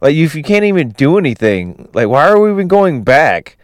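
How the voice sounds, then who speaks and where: A man's voice: on the high side, sing-song, moderate pace, no room sound, clean studio sound, pitched above the performer's own voice. A man voicing a naive, bewildered dead young man with plaintive, confused questioning. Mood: puzzled.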